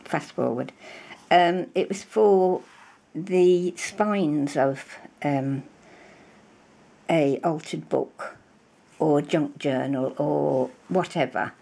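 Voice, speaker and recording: An older crafting vlogger from Britain gives a casual show-and-tell of her supplies, rambling and gushing as she goes. Her deep, mellow, slightly rough voice has vocal fry, and she draws out her words.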